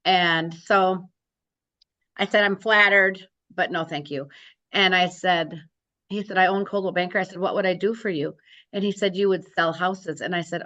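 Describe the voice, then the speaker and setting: Chatty older woman, low voice. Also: normal speed, dull audio. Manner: lively storyteller acting out quoted dialogue. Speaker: real estate broker, guest. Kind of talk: casual interview storytelling.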